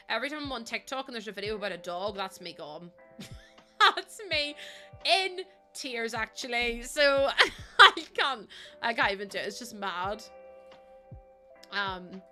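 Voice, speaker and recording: A woman's voice: mid-range voice, sharp tone. A young woman chatting casually on a game livestream, rambling and answering her chat. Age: young adult.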